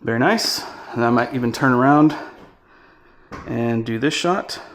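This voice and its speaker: A man giving a relaxed, chatty on-location tutorial, talking through each step while he walks through a house. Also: medium pitch, unhurried, slight background noise. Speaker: real estate photography instructor. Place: indoors walking through a house.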